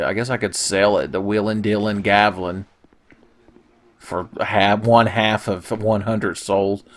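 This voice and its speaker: A man giving casual, sarcastic commentary over his own gameplay, swearing often and cracking jokes. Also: lowish voice. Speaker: gaming video host.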